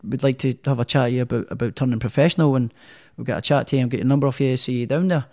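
A man's voice: mid-range voice, steady tone, racing, darkish tone, lightly acted. A man doing an impression of a friendly Irish man calling on the phone, with an Irish accent and a breezy, chirpy manner. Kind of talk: impression within casual storytelling.

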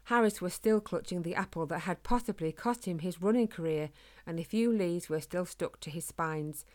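A woman reading a children's storybook aloud in a calm, gentle, steady way. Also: lowish voice, normal speed. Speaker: narrator.

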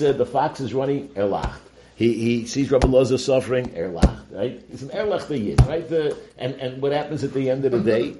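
Low-voiced man giving a Torah talk. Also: dark tone, slight background noise. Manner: halting, many restarts, mixes Hebrew and Yiddish terms. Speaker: Torah teacher. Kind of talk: informal Torah talk on the weekly portion.

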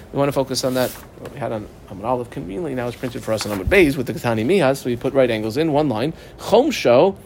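A man's voice: medium pitch, a little mellow, a little hiss or hum. Man teaching a Talmud class. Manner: explains step by step, asking and answering his own questions; reads Aramaic text and translates phrase by phrase. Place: small study group.

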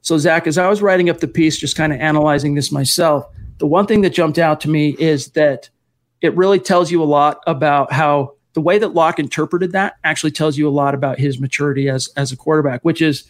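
A man's voice: a little high, steady tone, brisk. A man hosting a sports podcast, talking at length with detours and self-corrections. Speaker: podcast host. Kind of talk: casual sports podcast chat.

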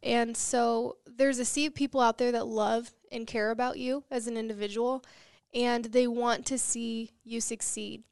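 A woman's voice: fairly high pitch, level tone, normal speed, clear, resonant tone, no room sound, clean studio sound. A young woman, a guest in an interview, speaking earnestly and telling motivational stories. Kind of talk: interview conversation.

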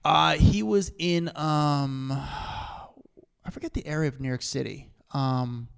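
A man's voice: a little high, slow, gravelly, smooth. A man co-hosting a podcast, telling rambling, slangy stories in casual chat. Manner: rambling, animated storyteller, slangy. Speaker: podcast co-host, celebrity street interviewer.

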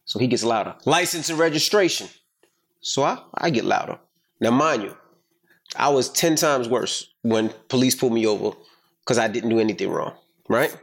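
A middle-aged man hosting a casual podcast chat, telling a story in an emphatic, profane, animated way. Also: medium pitch, moderate pace, vocal fry. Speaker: podcast host.

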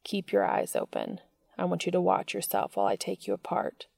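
Commanding young man, quiet and gravelly, read by a woman. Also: mid-range voice, little pitch movement, a little fast, no echo. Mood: low coaxing. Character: dominant young man, tender and teasing.

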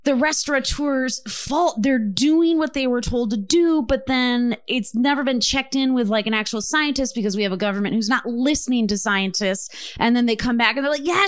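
A woman's voice: a little high, no echo. Woman co-host, heated and foul-mouthed, tells stories, dry close sound. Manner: impassioned, profane, storytelling. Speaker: podcast co-host. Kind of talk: casual chat.

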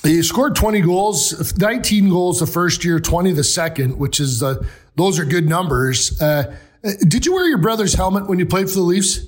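A man hosting an interview, asking gentle questions with many hesitations and fillers. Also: high-pitched, animated, moderate pace. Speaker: interview host. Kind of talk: conversational interview.

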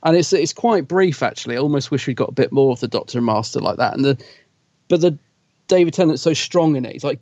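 Male podcast co-host from Britain, rambling and chatty, slightly high, lo-fi sound. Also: a little mellow, dry recording. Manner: chatty, rambling, quick to laugh. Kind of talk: casual chat. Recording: dull, lo-fi sound.

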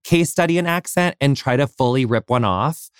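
A man's voice: medium pitch, lively intonation, normal speed, clean tone, no echo, studio quality. An American man in his thirties hosting a casual interview podcast, effusive and gushing, full of "like" and casual swearing. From United States. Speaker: podcast host.

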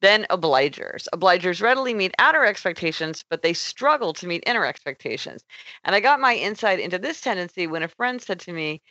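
Lively, bright-voiced woman author explaining. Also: lowish voice, dry recording, lo-fi sound. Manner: brisk, articulate, lists ideas clearly. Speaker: author and interview guest. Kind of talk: explanatory interview talk.

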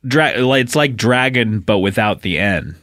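A man's voice: lowish voice, expressive, fairly bright tone, no room sound, studio quality. A man hosting a comedy podcast, rambling and teasing in casual chat. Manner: teasing, rambling, quick to laugh. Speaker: podcast host.

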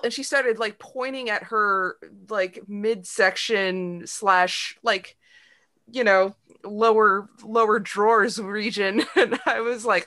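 Woman co-host, bright voice, lively anecdotal chat. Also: mid-range voice, slow. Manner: laughs often, animated storytelling. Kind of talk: casual chat.

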